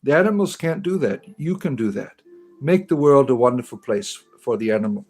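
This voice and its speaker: A middle-aged man hosting a casual livestream, rambling and halting with many fillers and restarts. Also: medium pitch, lively intonation, a little mellow, rough recording. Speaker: livestream host.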